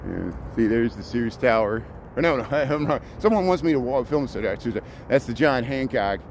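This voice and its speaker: A walking livestream host's mid-range voice is expressive at a normal pace as he films a city park at dawn on his handheld phone. Chatting casually to viewers, he rambles with repeated words and restarts, a bit out of breath, faint traffic and street sounds in the background.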